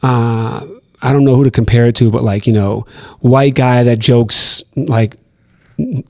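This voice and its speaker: Animated, profane storyteller man. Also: mid-range voice, measured pace. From Boston, USA. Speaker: podcast guest, DJ and producer. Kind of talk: casual storytelling interview.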